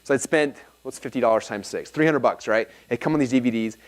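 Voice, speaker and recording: A man's voice: medium pitch, fast. A man leading a live workshop seminar, telling stories energetically and checking in with his audience. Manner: energetic, animated storyteller, often checks in with the audience. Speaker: workshop speaker. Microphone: filmed talk.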